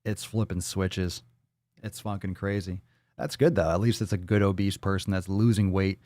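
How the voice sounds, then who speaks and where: A man's voice: sits low, steady tone, normal speed, mellow, no echo, studio quality. A man hosting a livestream podcast, talking bluntly and profanely in a fired-up, casual way.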